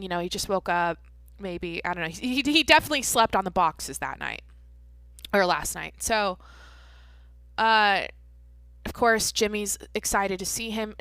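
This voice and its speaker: Bright, crisp woman chatting casually. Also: medium pitch, no room sound. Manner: rambling, swears freely, many fillers and restarts. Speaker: podcast host. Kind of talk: casual storytelling chat.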